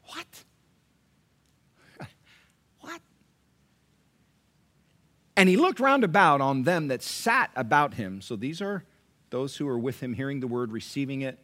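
A male pastor preaching a sermon, animated and questioning the congregation directly. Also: mid-range voice, normal speed.

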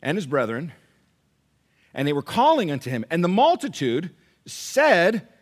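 Male pastor preaching with a lively, swooping delivery and a fairly high voice. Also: measured pace, pauses often. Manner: animated, asks the congregation questions. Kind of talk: sermon.

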